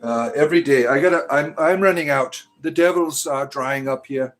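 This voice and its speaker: A man's voice: fairly high pitch, normal speed, soft background music. A man hosting a livestream in casual chat, talking back to his viewers in a sarcastic, scornful way. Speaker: livestream host answering chat.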